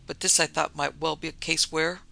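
Gravelly, bright male storyteller. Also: on the high side, fairly even intonation, rough recording. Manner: measured, composed storytelling. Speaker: narrator. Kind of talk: scripted narration of a story.

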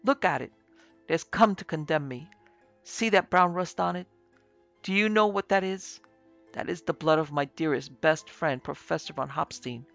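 A man's voice: fairly high pitch, normal speed, a bit bright, muffled recording, faint music behind. A man voicing a terrified, guilt-stricken German chemistry lecturer who speaks huskily and raves. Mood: frantic. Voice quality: husky. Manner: frantic, raving.

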